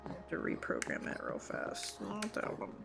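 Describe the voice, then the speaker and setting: A woman's voice: mid-range voice, huge pitch swings, moderate pace, gravelly. A young woman streaming a video game, commenting casually, thinking aloud and swearing in exasperation. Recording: game music behind her voice. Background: game music.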